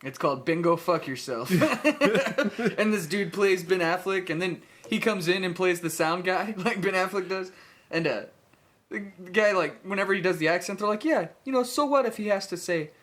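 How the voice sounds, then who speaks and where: A man's voice: sits high, moderate pace. A man co-hosting a casual podcast, telling stories with free swearing and lots of laughter. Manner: lively storyteller, swears freely, laughs a lot. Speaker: podcast co-host. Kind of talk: casual chat.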